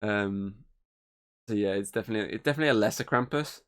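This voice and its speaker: A man's voice: fast talker, fairly bright tone. A man co-hosting a podcast, talking casually and at length about a film, swearing often. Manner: rambling, swears, mimics voices in high pitch. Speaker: podcast co-host. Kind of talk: casual movie review chat.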